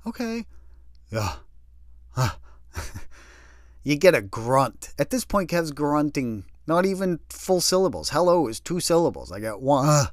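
A man telling his own story in a sardonic, animated way, acting out what other people said. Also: a little high, measured pace, dry recording, studio quality. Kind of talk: personal storytelling.

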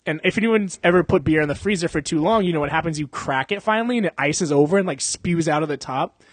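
Young man, casual storytelling, swears a lot, slightly high voice, dry close sound. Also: fast talker, dry recording. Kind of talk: casual chat.

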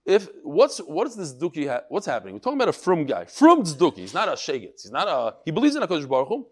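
A man giving a Talmud class lecture, explaining quickly and acting out the people he quotes. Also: fairly high pitch. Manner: animated, acts out quoted speakers. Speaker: Talmud teacher.

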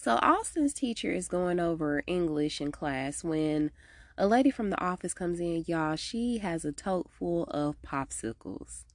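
Animated woman recapping a show. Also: a little slow, no room sound. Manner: animated, slangy, acts out characters' lines with big pitch jumps. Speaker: podcast host recapping a TV episode. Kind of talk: casual recap monologue.

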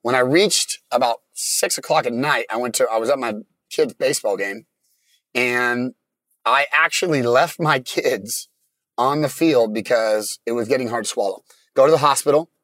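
A man tells his own story in plain, halting, casual speech, frequently restarting his sentences. His mid-range voice has a fairly bright tone, and the recording is dry.

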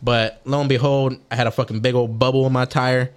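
A young man co-hosting a podcast, chatting casually and telling a rambling, animated story with lots of swearing. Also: mid-range voice, fairly quick, clean tone. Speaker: podcast co-host. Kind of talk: casual chat.

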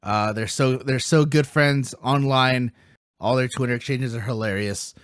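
A man hosting a podcast in casual chat, excitable, rambling and playfully brash, eating while he talks. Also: medium pitch, a little slow, clean tone, no room sound, studio quality. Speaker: podcast host.

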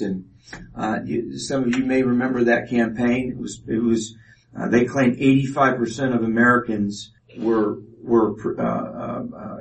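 A man giving an informal testimony talk to an audience, with many fillers and restarts. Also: mid-range voice. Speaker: speaker presenting a ministry project. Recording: voice from a distance off mic.

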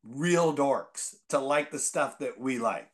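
A man from the Bay Area, a comedian guest, telling rambling stories full of fillers and bursting into loud, excited impressions. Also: mid-range voice, takes it slowly. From San Francisco Bay Area. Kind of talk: casual podcast storytelling.

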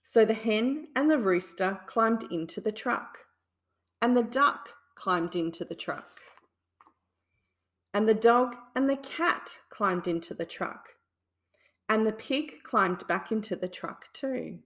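Woman reading a bedtime story to little kids, super slow and calm. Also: medium pitch. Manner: slow, soothing reading aloud.

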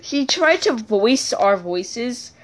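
A woman with a fairly high voice tells a funny story in a casual, rambling way. She speaks slowly, keeps giggling and breaks off into asides to correct herself. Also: big pitch swings.

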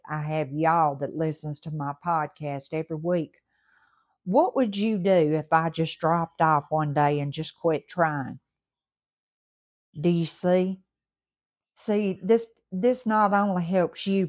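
A woman's voice: deep voice, takes it slowly. Southern woman with a folksy, emphatic podcast voice. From Mississippi Gulf Coast. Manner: warm, folksy, emphatic and repetitive. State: recovering from surgery, a little short-winded. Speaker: podcast host. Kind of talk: encouraging motivational podcast talk.

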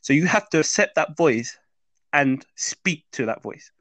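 In an interview, a mindset teacher patiently explains the inner voice, regularly checking in with "yeah?" and "does that make sense?" His voice is a little high and slightly bright, with lively intonation and a somewhat slow pace. The recording is dry.

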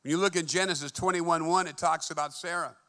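A man preaching a fervent sermon in a church, moving between hushed and emphatic delivery. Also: a little high, steady tone, fast talker. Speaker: pastor.

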